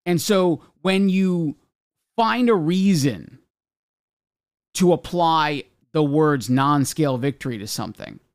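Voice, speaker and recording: A man's voice: a little high, expressive, slow pace, no room sound, studio quality. A man hosting a podcast, delivering an emphatic, argumentative monologue. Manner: emphatic, argumentative, says okay often. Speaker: podcast host. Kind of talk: ranting monologue.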